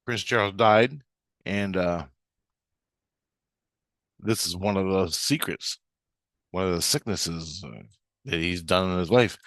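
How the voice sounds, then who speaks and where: A man's voice: deep voice, takes it slowly, pauses often, a bit bright, dry recording, studio quality. A man telling a personal story in a rambling, casual monologue, often restarting his sentences. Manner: rambling, with frequent restarts and fillers. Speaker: vlogger.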